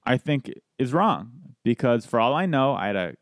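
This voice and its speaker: A man's voice: medium pitch, sing-song, normal speed, no echo, clean studio sound. A man, a comedian, telling stories in a casual podcast chat, rambling with restarts and laughs. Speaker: guest comedian.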